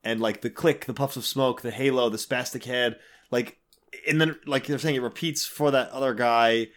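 A man's voice: medium pitch, normal speed. A man co-hosting a casual podcast, retelling a comic's story in a loose way full of "like". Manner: relaxed, filler-heavy storytelling. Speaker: podcast co-host. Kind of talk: casual comic book discussion.

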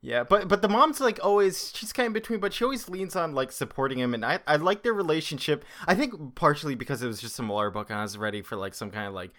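A man's voice: fairly high pitch, fast talker, hardly any pauses. Man thinking aloud in casual chat. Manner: thinking aloud, animated and chatty. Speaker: podcast co-host.

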